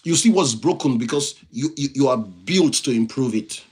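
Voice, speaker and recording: A man's voice: mid-range voice, lively intonation, moderate pace, darkish tone. A man with a non-native English accent hosting a motivational livestream, preaching in repeated phrases and thanking viewers by name. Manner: reads viewer comments and thanks them by name. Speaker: livestream host, motivational speaker.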